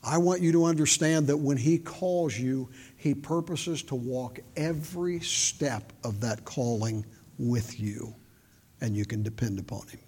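An older man giving a sermon with folksy storytelling, shifting from loud emphasis to quiet, intimate moments. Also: mid-range voice, steady tone, unhurried, breathy edge. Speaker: preacher. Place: large church hall. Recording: reverberant church hall.

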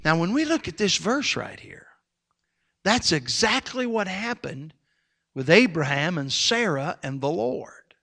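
A male preacher telling a story from the pulpit in a high, bright, ringing voice. He talks in a folksy, animated way and swells to loud emphasis on his key points. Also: unhurried, creaky. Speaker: pastor. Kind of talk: storytelling sermon.

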